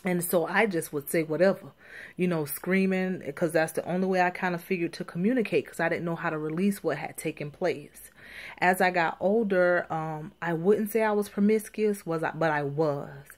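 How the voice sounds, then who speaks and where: A woman's voice: on the low side, fairly even intonation, normal speed. A woman from Florida, working as a life coach, giving an intimate, emphatic personal testimony that sometimes drops to near whispers.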